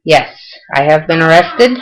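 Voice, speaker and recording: An older woman with a Southern US accent chats casually in a home vlog, answering questions in a folksy, self-deprecating way. Her low-sitting voice is expressive and unhurried, though the audio quality is poor.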